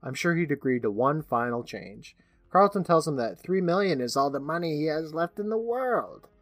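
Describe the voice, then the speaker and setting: Heard on a dry recording, his voice sits a little high and moves at an ordinary pace. He is a podcast co-host going over an episode in relaxed conversation, animated, laughing a lot and playing out lines.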